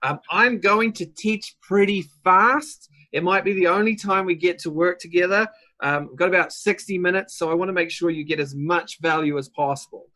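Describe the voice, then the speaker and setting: An upbeat man with a New Zealand accent runs a live online lesson, talking chattily to his viewers. His voice sits a little high and comes across bright and forceful. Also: normal speed. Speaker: webinar host and business coach. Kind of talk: live webinar teaching.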